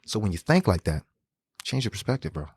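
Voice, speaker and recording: A man in his thirties, a podcast guest, telling animated, slangy, profane stories in casual conversation. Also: lowish voice, fairly quick, gravelly, husky, no room sound. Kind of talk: casual storytelling interview.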